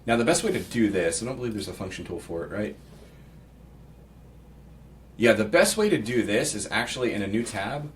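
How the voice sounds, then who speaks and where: Guy from pittsburgh doing a casual screen tutorial, lowish voice, mic a bit far off w faint hiss. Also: a little fast, pauses often. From Pittsburgh, United States. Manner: relaxed, thinks aloud, reads template text aloud with asides. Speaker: real estate agent giving a software tutorial. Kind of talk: casual screen-share walkthrough. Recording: slightly distant mic with faint background noise.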